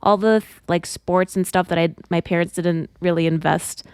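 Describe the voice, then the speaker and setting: A woman's voice: on the low side, fairly even intonation, moderate pace, darkish tone, clear, resonant tone, no room sound, clean studio sound. A woman guest on a podcast speaking thoughtfully about her own life in casual chat. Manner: thoughtful, reflective.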